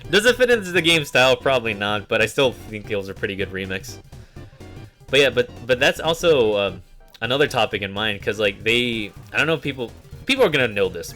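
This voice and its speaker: A man's voice: fairly low pitch, bright, forceful tone. A man streaming a game, rambling casually with many fillers and reading game text aloud. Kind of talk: casual gameplay commentary.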